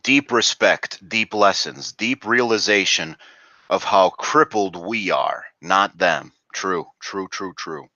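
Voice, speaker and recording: Crude ranting man, low bright voice. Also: takes it slowly, no echo. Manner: crude ranting, rambling with fillers and restarts. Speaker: video commentator. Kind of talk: reaction commentary vlog. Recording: dull lo-fi dry recording.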